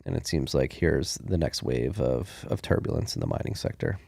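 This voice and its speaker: A man's voice: extremely low pitch, big pitch swings, moderate pace, vocal fry, warm tone, breathy edge, no room sound, studio quality. A man co-hosting a podcast, chatting casually about the news and thinking aloud with plenty of fillers. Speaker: podcast co-host.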